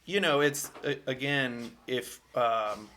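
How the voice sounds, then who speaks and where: A man's voice: mid-range voice, takes it slowly, pushed and bright. A young man from Louisiana hosting a podcast, chatting casually in a rambling way with lots of fillers and swearing. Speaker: podcast host. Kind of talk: casual chat.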